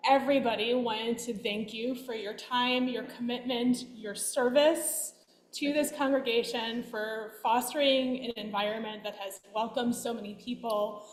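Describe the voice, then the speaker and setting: A woman gives a short thank-you speech in a shy, slightly awkward way and laughs between phrases. Her voice is fairly high. It sounds roomy and echoey in a synagogue hall. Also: slight background noise. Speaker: congregation member presenting a gift.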